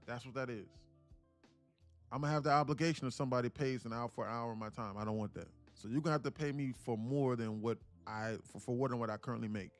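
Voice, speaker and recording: A man with a New York accent talks through a live day-trading stream in a casual, off-the-cuff way. His speech is loose and profane, full of street slang, and he repeats phrases in chant-like runs. His voice sits at an ordinary male pitch, with faint music playing underneath. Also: steady tone, fast talker. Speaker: day-trading livestream host.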